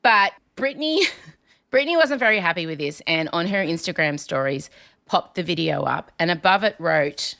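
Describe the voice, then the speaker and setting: Woman podcast host, bright tone, animated, laughs often, casual chat. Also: lowish voice, moderate pace, vocal fry. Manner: animated, laughing, dramatic readings.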